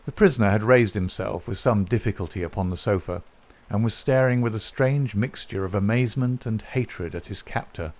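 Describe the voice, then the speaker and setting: A man narrates a classic detective tale in the manner of a scripted audiobook reading. His voice sits on the lower side, and he keeps a steady, even pace throughout. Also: brisk. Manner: steady, even storytelling delivery.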